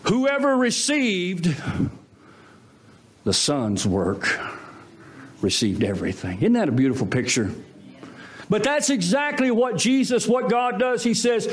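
A man preaching a sermon, telling a story in an animated way with quoted voices. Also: sits high, measured pace. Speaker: pastor.

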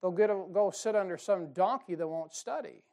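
A man preaching a folksy, emphatic sermon, with sudden loud bursts and mocking quotes. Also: high voice, moderate pace. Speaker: pastor. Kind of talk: fiery sermon.

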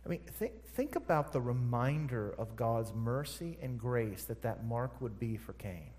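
A man's voice: medium pitch, expressive, a little slow, darkish tone. A man preaching a sermon, emphatic and repeating phrases for stress. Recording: long hall reverb.

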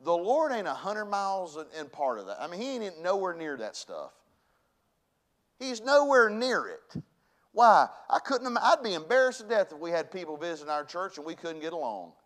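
Male pastor, slightly high voice, folksy sermon with sudden loud bursts. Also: very animated, fast talker, hardly any pauses. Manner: folksy preacher, swings from hushed to loud bursts. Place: church sanctuary.

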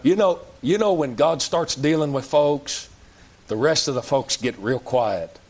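A man's voice: on the high side, unhurried. A man preaching a sermon in a church, folksy and plain-spoken, asking the congregation question after question. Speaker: pastor.

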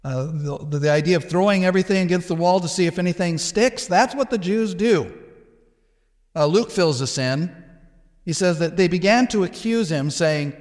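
A man's voice: high-pitched, normal speed, a little mellow, in a large hall. A man teaching a lecture on a Bible passage, explaining it step by step and acting out the quoted exchanges.

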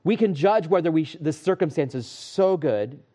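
An earnest man delivers a sermon from the pulpit, his voice sitting a touch higher than most men's. He leans on key phrases slowly and firmly, then loosens up with folksy asides and quick self-corrections. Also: animated, warm tone. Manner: earnest, emphatic preaching with slow stressed phrases. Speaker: pastor.

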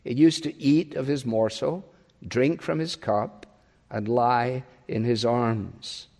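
A male preacher delivering a sermon at a middle pitch. He is emphatic, climbing loud on key phrases before sinking soft. His voice rings out with the long reverb of a large hall. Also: steady tone, slow pace, creaky. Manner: emphatic, swinging between loud rises and soft drops. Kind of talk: expository sermon.

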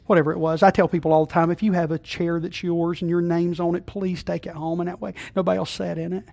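High-voiced folksy preacher, loud to hushed. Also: male voice, level tone, fast talker, vocal fry. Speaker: pastor. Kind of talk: sermon. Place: church sanctuary.

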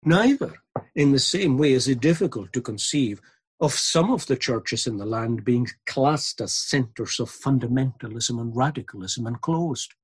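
Husky-voiced man preaching. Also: mid-range voice. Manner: earnest, building to emphatic repetition. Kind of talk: sermon.

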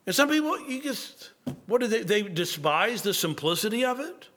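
A man's voice: high voice, very animated, moderate pace, pushed and bright. A man preaching a sermon as pastor, emphatic and repeating words as he builds each point.

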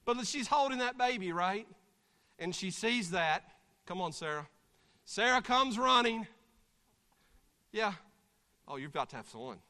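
A man preaching a sermon, staging a live acted illustration with congregation members and breaking into shouted voices of the story's figures. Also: sits high, unhurried, pauses often. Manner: animated, acts out voices and shouts during the story. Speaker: pastor. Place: church sanctuary. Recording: long church hall reverb.

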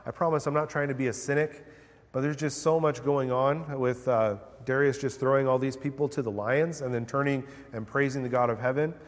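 A man's voice: medium pitch, fairly even intonation, brisk, long reverb tail. A man preaching a sermon, reading scripture aloud with dramatic emphasis and then explaining it in plain words. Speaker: pastor.

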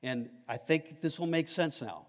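A man preaching a sermon, swinging between loud, fervent peaks and hushed, slow passages. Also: on the high side. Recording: long hall reverb.

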